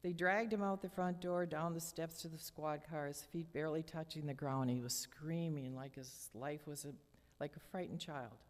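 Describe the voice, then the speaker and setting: An older woman reading her personal memoir aloud at a lectern, with measured, dramatic storytelling. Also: low-pitched, fairly even intonation. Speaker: memoir reader. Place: church hall lectern. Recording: long church hall reverb.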